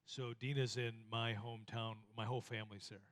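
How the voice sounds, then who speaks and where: A man's voice: medium pitch, little pitch movement, fairly quick, fairly bright tone. A man giving marriage teaching in a church, telling folksy, self-deprecating stories and often stumbling and repeating his words. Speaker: minister teaching with his wife.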